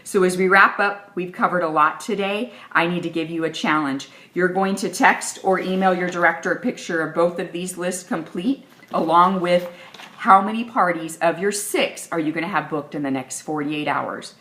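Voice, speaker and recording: A woman's voice: fairly low pitch, normal speed, a bit bright. A woman leading a sales training session, talking in a direct, upbeat coaching manner. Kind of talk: training video talk.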